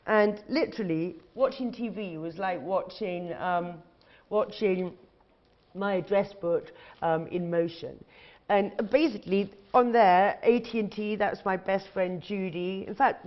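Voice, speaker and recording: A middle-aged woman gives a chatty talk to an audience, telling stories with a candid, casually profane edge. Her voice sits at an ordinary middle pitch. The recording sounds a little dull and lo-fi. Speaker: casting director.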